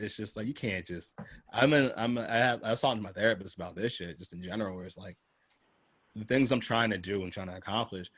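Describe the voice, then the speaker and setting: A man with a fairly low, slightly bright voice hosts a laid-back podcast chat. He tells loose, profane stories and imitates the people in them as he quotes them.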